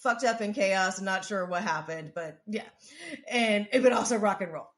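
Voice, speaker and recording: A woman co-hosting a podcast tells a story in casual chat, speaking at medium pitch and a moderate pace. She rambles and swears a lot, restarting often and saying "like" constantly.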